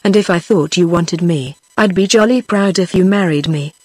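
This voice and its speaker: A synthetic British-accented female voice reading the lines of an awkward, earnest young officer in his twenties, in an even, unhurried way. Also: lowish voice, slightly rough, no room sound. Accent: British English.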